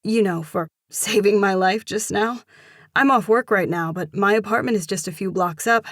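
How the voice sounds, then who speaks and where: A woman voicing a shy, flustered young barista who rambles in a rushed, breathy way. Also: medium pitch, big pitch swings, no room sound, studio quality, pitched above the performer's own voice, heavily acted.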